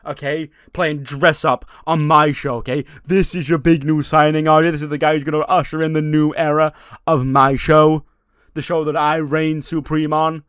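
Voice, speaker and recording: A man voicing a brash, furious male wrestling champion who shouts and stammers in outrage. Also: medium pitch, quick pace, no echo, clean studio sound, lightly acted. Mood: shouting.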